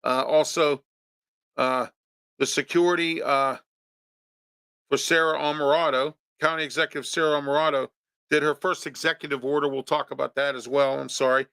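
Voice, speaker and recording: A man's voice: fairly high pitch, steady tone, moderate pace, vocal fry, sharp tone, clear, resonant tone, no echo, clean studio sound. A man hosting a local talk show, scolding his listeners with rhetorical questions in an opinion commentary.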